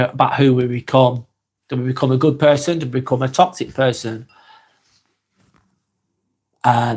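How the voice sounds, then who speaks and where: A man in his forties with a Lancashire accent, hosting a calm live vlog and reading comments while he has a cold. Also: mid-range voice. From East Lancashire, England. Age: 40s. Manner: unhurried, reflective, musing aloud with tag questions.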